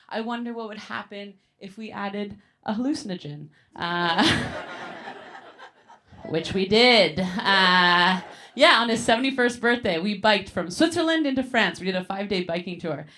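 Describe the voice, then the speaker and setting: A woman with a mid-range voice tells a stand-up comedy story, animated and rambling, packed with fillers and quick laughs.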